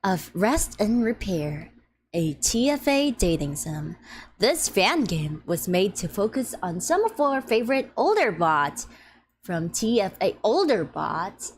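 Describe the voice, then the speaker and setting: A young woman streaming a game, chatting playfully, giggling often and reading game text aloud, her voice a little deep from just waking up. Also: very animated, measured pace, slight background noise. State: slightly deep morning voice. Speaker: VTuber streamer. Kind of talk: casual live-stream chat. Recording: faint music behind.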